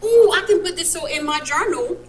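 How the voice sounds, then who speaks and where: A woman's voice: extremely high pitch, animated, fairly quick, poor audio. A woman guest chatting casually while tasting food, gushing and laughing often.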